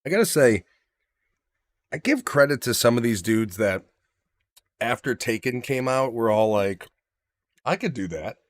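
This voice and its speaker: A man co-hosting a casual podcast chat, animated and profane, getting loud for emphasis. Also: medium pitch, unhurried, pauses often, no room sound. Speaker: podcast co-host.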